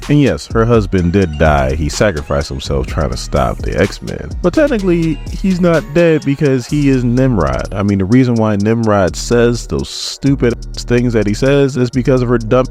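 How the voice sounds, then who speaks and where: A man's voice: medium pitch, very animated, normal speed, hardly any pauses, a little mellow, faint music behind. A man casually recapping a comic book, jokey and irreverent, with asides to viewers.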